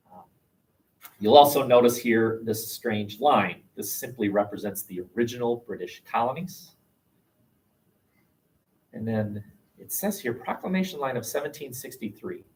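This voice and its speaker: Animated man teaching a history class. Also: mid-range voice, recorded from a distance, low-quality recording. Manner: animated, jokey, with many restarts and fillers. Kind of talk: classroom lecture.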